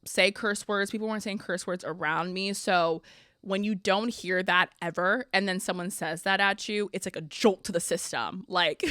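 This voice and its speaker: A young woman hosting a podcast, telling funny stories from her life in a chatty, animated way, often laughing. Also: medium pitch, normal speed, no room sound, clean studio sound. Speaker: podcast host. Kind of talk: casual storytelling.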